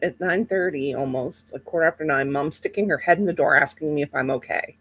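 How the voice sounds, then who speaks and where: A woman's voice: fairly low pitch, fairly bright tone, husky. A woman hosting a casual livestream, chatting to viewers in a rambling way with many fillers, sleepy and yawning. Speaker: livestream host.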